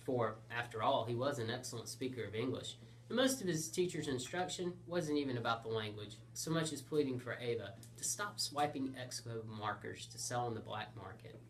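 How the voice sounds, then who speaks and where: A man hosting and narrating a comic story with a playful, deadpan delivery. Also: mid-range voice, moderate pace. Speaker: storyteller host.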